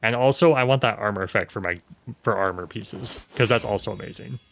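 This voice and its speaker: A man's voice: on the low side, a little fast, creaky, a bit bright, slight background noise. A man streaming a video game, talking casually with wry, self-mocking asides muttered to himself. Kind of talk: casual gameplay commentary.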